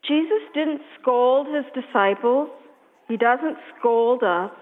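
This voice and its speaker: A woman pastor giving a sermon, speaking slowly and gently and dropping to a hush at times. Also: high voice. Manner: slow, gentle, drops to a hush on repeated blessings. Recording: echoey hall over a thin phone-like line.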